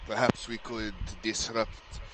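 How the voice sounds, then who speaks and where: A man's voice: fairly low pitch, flat delivery, slow, very noisy. A man playing a character in a tabletop game, talking in a put-on Irish accent in a playful, theatrical way. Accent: put-on Hibernian accent.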